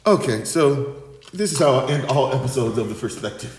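A man hosting a podcast, talking in an animated, theatrical way that slips into a preacher-like cadence. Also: medium pitch, brisk, echoey room. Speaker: podcast host. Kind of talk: casual podcast chat.

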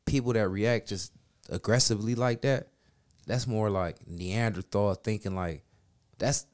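A man on a casual podcast telling a long profane story, acting out quotes and swinging between loud and soft. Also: on the low side, unhurried. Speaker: podcast co-host. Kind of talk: casual chat. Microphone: studio mic.

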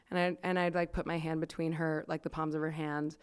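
Smooth-voiced woman telling a story. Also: lowish voice, lively intonation, a little fast. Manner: chatty, swears freely, many "like" fillers. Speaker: podcast host. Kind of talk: casual storytelling chat.

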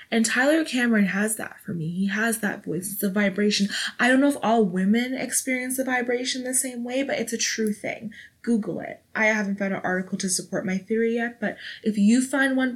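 A woman hosting her own podcast, rambling and gushing in a casual rant with some swearing. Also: medium pitch. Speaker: podcast host.

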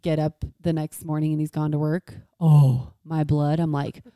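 A woman in her thirties co-hosting a casual parenting podcast, animated and laughing often as she acts out what people said. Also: low voice, moderate pace, no room sound, studio quality. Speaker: podcast co-host. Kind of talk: casual chat.

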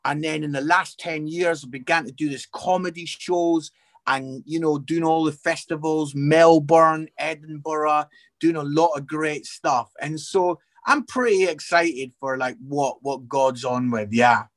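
Man, high voice, animated storyteller, lots of restarts, testimony in an interview. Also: a little slow. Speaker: evangelist and comedian.

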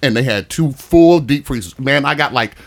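A man's voice: mid-range voice, lively intonation, moderate pace. A young man casually telling a funny story on a podcast, laughing often as he talks. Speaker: podcast co-host.

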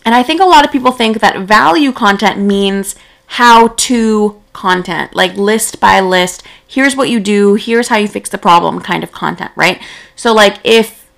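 Woman, young adult, podcast host, business coach, casual chat, tired, gravelly fry. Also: medium pitch, measured pace, a bit bright. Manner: casual, conversational, lots of "right?" and "like". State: tired and yawning, late at night. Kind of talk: solo podcast talk.

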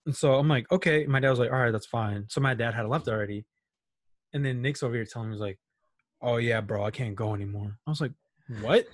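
A young man casually telling a long personal story on a podcast, animated and quoting his friends as he goes. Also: mid-range voice, quick pace, dry recording.

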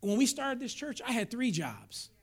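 A man preaching as a pastor, swinging from hushed asides to shouted lines and talking familiarly with his congregation. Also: extremely high pitch, huge pitch swings, normal speed, creaky. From Mexican heritage, raised in the US. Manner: folksy, conversational with the congregation. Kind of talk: sermon.

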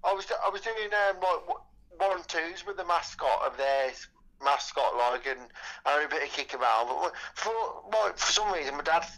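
A man's voice: fairly high pitch, expressive, normal speed, gravelly, pushed and bright, rough recording. A man, chatting as a podcast guest, rambling with many repeated words and casual swearing. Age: 20s. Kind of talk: casual chat.

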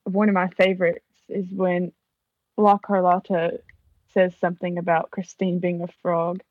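A woman's voice: on the low side, little pitch movement, moderate pace, no room sound, phone-quality sound. A young woman co-hosting a casual podcast chat, thoughtful and laughing often. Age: young adult. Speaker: co-host.

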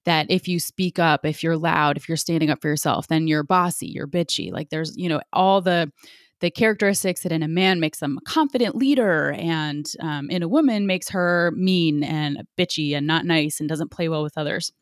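A woman's voice: deep voice, moderate pace, no echo, clean studio sound. A woman in her forties, a sports medicine physician, speaks candidly as an interview guest, telling stories with lots of fillers. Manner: candid, animated, frequent fillers.

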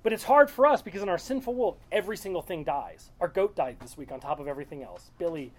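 A woman's voice: fairly low pitch, animated, quick pace, a little mellow. A woman leading a small-group Bible study, reading verses aloud and explaining them in a loose, conversational way.

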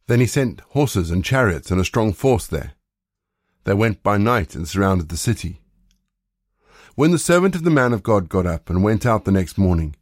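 A man narrating a Bible story in a steady, even reading voice. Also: fairly low pitch, no room sound, studio quality. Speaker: scripture reader.

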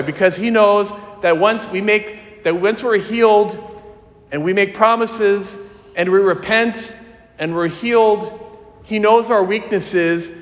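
A man delivers a sermon as a priest, his voice sitting notably high. He speaks slowly and deliberately, earnest and emphatic. The sound carries a long reverb, as in a church. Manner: earnest, emphatic preaching with slow deliberate phrasing.

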